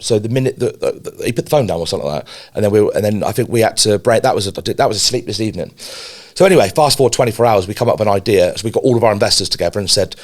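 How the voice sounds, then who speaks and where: Brief: man, fast, animated storytelling, cursing, lower-pitched voice. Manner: animated storyteller, swears freely, repeats words when worked up. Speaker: podcast co-host. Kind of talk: casual business podcast chat.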